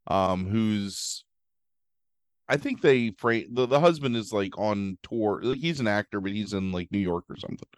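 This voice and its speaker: A man's voice: fairly low pitch, expressive, moderate pace, clear, resonant tone, no echo, studio quality. A man chatting casually as a podcast co-host, rambling through a movie recap full of "like" and "um" while acting out quotes. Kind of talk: casual chat.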